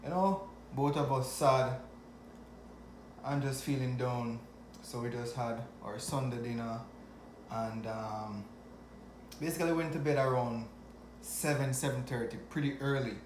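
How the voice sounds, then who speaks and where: A man from Jamaica with a Jamaican accent, telling a personal story to camera in an animated way, often chuckling. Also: mid-range voice, unhurried, long pauses, a little hiss or hum. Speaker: vlogger. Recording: echoey room.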